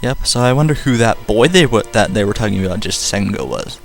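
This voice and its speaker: A man's voice: lowish voice, expressive, moderate pace, long pauses, faint music behind. A young man commenting on a game casually, rambling, joking and swearing. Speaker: let's player.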